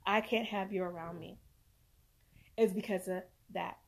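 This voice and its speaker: A woman talks straight to her viewers in an earnest, emphatic way, swearing at times. Her voice sits at a middle pitch and swings between loud, forceful stretches and quiet, near-tearful ones. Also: steady tone, unhurried, vocal fry. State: near tears. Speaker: mother and vlogger. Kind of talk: emotional personal vlog talk.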